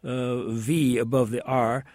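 A man answers listeners on a call-in radio show, rambling through his explanations with frequent pauses and self-corrections. His voice is mid-pitched and sits dry and close to the mic. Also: steady tone, a little mellow, no room sound. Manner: rambling, many hesitations and asides. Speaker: guest language expert.

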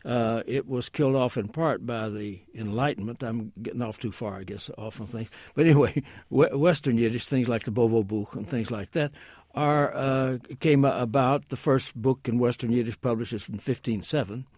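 A man answers listeners on a call-in radio show, rambling through his explanations with frequent pauses and self-corrections. His voice is mid-pitched and sits dry and close to the mic. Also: a little mellow, no room sound. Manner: rambling, many hesitations and asides. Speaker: guest language expert.

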